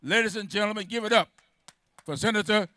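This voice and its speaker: An older man giving a slow, folksy speech to introduce a speaker at a rally. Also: sits high, pushed and bright, no echo.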